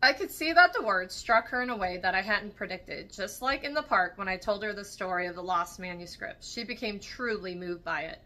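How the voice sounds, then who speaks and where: A woman reading a novel aloud for her read-along channel, steady with small slips and self-corrections. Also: mid-range voice. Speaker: book channel reader.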